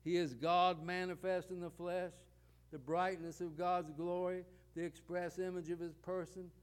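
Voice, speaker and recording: Male preacher, sermon delivery, clear resonant tone a touch above average pitch, uses repetition and rhetorical questions. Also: little pitch movement, normal speed. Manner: rhetorical questions and repeated parallel phrases.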